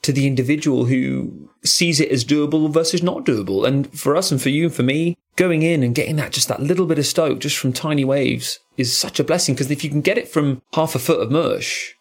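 Husky rambling podcast host. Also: male voice, a little high, fairly quick, hardly any pauses. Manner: rambling, musing, with frequent "quote unquote" asides. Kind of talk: casual chat.

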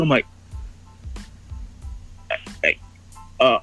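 A man's voice: medium pitch, expressive, a little fast, a bit bright, faint music behind, low-quality recording. Rambling, profane young-sounding man telling a story. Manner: rambling, heavy swearing, acts out quoted voices. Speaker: podcast guest. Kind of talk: casual storytelling.

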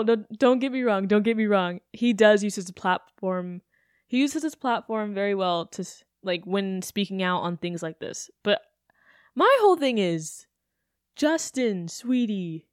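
A woman's voice: mid-range voice, animated, measured pace, smooth, no echo, studio quality. A young adult woman hosting a podcast, ranting in a chatty, sarcastic way with self-questioning asides. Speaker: podcast host. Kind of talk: casual podcast rant.

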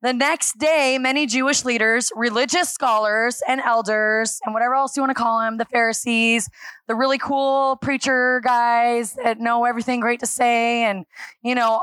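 A woman preaching a sermon to a church congregation, telling stories with animated acted-out dialogue. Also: fairly high pitch, clean tone, no room sound. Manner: animated storytelling, acting out dialogue and laughing.

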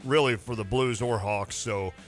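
A man's voice: on the low side, steady tone, normal speed, faint music behind. A man co-hosting a show in casual banter, teasing his co-hosts and laughing often. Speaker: radio show co-host.

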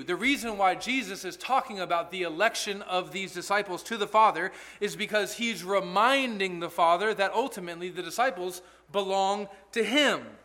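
A man's voice: sits high, moderate pace, few pauses, bright, forceful tone. A male pastor giving an expository sermon in an earnest, conversational way, asking rhetorical questions.

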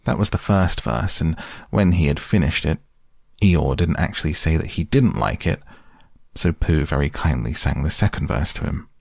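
A man reading a children's storybook aloud in a gentle, measured way. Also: very deep voice, expressive, vocal fry, dry recording, clean studio sound. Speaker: narrator.

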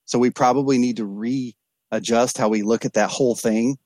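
An addiction counselor from East Texas speaks earnestly and reflectively in a candid podcast conversation, often restarting and repeating words. His voice is medium-pitched and darkish, with fairly even intonation at a normal speed. There is no echo.

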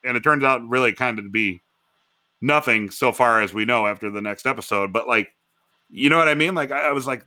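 A man from Illinois, co-hosting a casual podcast chat, talking in an animated way with lots of fillers and frequent laughs. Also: medium pitch, fairly quick. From Wilmington, Illinois, USA. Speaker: podcast co-host. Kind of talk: casual chat about a TV show.

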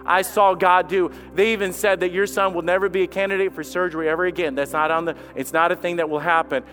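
Impassioned high-voiced male preacher. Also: fairly even intonation, quick pace, soft background music. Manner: impassioned, swinging between hushed and loud, repeating phrases. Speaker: lead pastor. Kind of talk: sermon.

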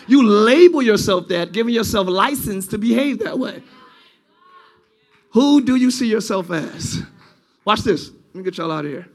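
A pastor preaching a sermon to his church, moving between loud, drawn-out shouted lines and quiet, close, conversational stretches. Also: sits high, expressive. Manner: preaching, swings from shouting to quiet intimate talk.

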